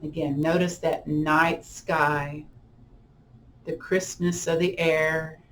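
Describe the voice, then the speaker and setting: A woman yoga instructor leading a guided relaxation and visualization, talking in a gentle, unhurried, casual way with friendly fillers. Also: low voice, level tone, a little hiss or hum.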